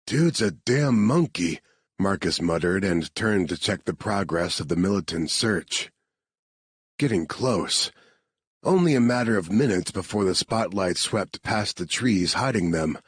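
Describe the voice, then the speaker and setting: A man narrating an audiobook with a low, husky voice. He reads slowly and evenly. The recording is dry and close, with no room sound. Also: no room sound. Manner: measured, even reading.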